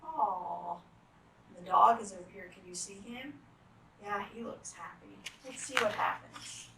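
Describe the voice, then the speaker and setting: A woman reading picture books aloud to children, animated and full of gasps and exclamations. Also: medium pitch, unhurried, vocal fry, echoey room, distant mic, slight background noise, poor audio. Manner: animated, gasping, exclaiming to young listeners. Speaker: children's storytime reader.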